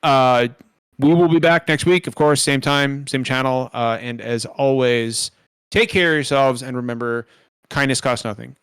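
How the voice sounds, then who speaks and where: A man's voice: mid-range voice, normal speed, clean tone, no room sound. A man hosting a casual live-streamed podcast, chatting animatedly and swearing freely. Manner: swearing, animated, sign-off patter. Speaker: podcast host.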